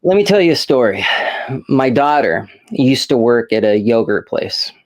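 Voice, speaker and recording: A man's voice: mid-range voice, sing-song, moderate pace, darkish tone. A man hosting a casual chat, telling a rambling story and restarting his sentences. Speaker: host.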